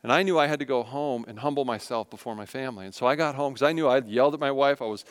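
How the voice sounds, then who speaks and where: In a church sanctuary, a pastor in his thirties preaches to his congregation, earnest and conversational, sharing personal family stories. His medium-pitched voice is smooth and rapid-fire, and a long reverb fills the church hall recording.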